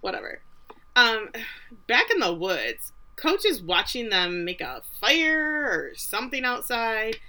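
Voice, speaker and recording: A woman co-hosting a podcast, recapping a TV episode in casual chat, animated and swearing, acting out the characters' lines. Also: on the high side, takes it slowly. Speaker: podcast co-host.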